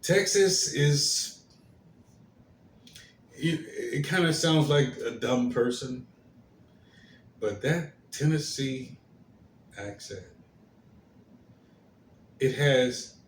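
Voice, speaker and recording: A man of middle pitch delivers his commentary stream at a slow, unhurried pace. He hesitates often, filling gaps with fillers and restarting his phrases before they trail off softly. His voice carries a roomy echo over a faint background hiss. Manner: halting, many fillers and restarts, soft trailing endings.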